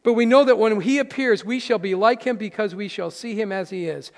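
A pastor with a notably high voice preaches earnestly, talking straight to the people in the room and joking with them now and then. His words ring out with the long reverb of a church hall. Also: brisk. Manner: earnest, conversational preaching with playful asides to the congregation. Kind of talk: sermon. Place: church sanctuary.

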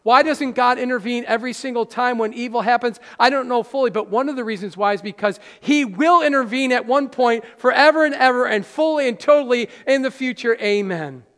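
A man's voice: very high voice, fairly quick, hardly any pauses, fairly bright tone. A man preaching a sermon to his congregation, earnest and conversational, with playful asides. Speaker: pastor. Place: church sanctuary. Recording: live hall reverb.

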